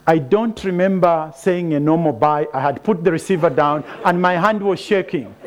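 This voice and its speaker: Man, fairly high voice for a man, storytelling talk, acts out quoted dialogue. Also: moderate pace. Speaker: speaker telling a personal story.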